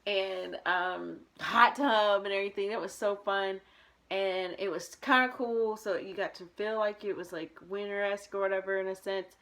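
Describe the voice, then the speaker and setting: A woman's voice: mid-range voice, fairly even intonation, moderate pace, fairly bright tone. A young woman vlogging, telling a personal story in a candid, rambling way with many fillers and restarts.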